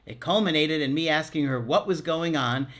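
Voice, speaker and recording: A middle-aged man with a fairly high voice hosts a relationship podcast in casual chat. He reads a listener's story aloud and stops to joke about the details. His delivery stays playful and he laughs often at his own asides. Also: moderate pace, a bit bright. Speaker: relationship coach and podcast host.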